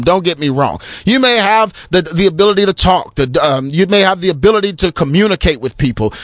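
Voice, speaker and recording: A man's voice: high-pitched, a bit bright, no room sound, clean studio sound. A man preaching in an emphatic, repetitive cadence, now and then mocking other preachers with put-on crooning voices. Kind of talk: sermon-style teaching talk.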